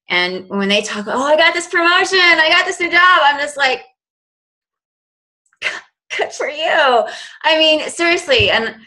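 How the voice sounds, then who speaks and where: A woman's voice: medium pitch, bright, forceful tone, poor audio. A woman in her forties giving a motivational business coaching talk, earnest and conversational with lots of "you know". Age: 40s.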